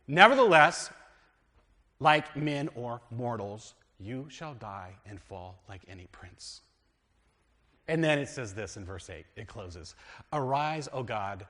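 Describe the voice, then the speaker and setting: Animated American pastor in a reverberant church. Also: male voice, medium pitch. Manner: asks the congregation fill-in questions, dramatic swings in loudness. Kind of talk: teaching sermon with scripture reading.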